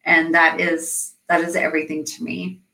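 Joining a conversational interview by call, a middle-aged female coach shares stories earnestly and fills her speech with hesitations. She has a low, gravelly, sharp-toned voice with level intonation at a moderate pace. She sounds far from the mic, and the room echoes.

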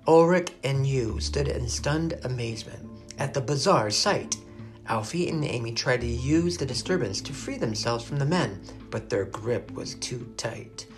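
A man reading a children's adventure chapter aloud, expressive and dramatic. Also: mid-range voice. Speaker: narrator. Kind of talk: storybook reading.

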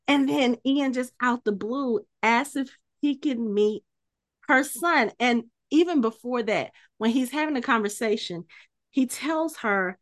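Podcast co-host, woman, higher-pitched voice, dry close sound, animated scene-by-scene retelling. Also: a little slow, no room sound. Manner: animated retelling, acts out quoted dialogue. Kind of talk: casual TV recap chat.

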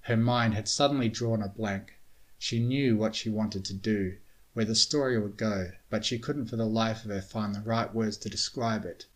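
Casting note: man with a lowish voice, steady measured storybook narration. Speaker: reader. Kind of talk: storybook narration of fan fiction.

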